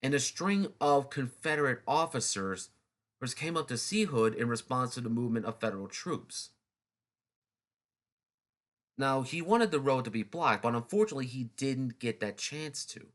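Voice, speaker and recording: A man's voice: medium pitch, expressive, moderate pace. A man narrating a history video in a loose, chatty way, with restarts and snarky asides. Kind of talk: casual unscripted history talk.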